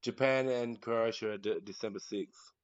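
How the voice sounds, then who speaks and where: A man's voice: lowish voice, moderate pace. A man, a podcast guest who has had a few drinks and talks cocky in casual chat. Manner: tipsy, cocky. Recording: dull, husky lo-fi sound.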